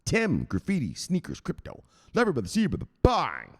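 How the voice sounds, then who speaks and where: This man speaks a little high and a little fast while running a crypto news livestream. It's loose, lively chatter full of jokes and profanity, and he calls out chat members by name as he greets them.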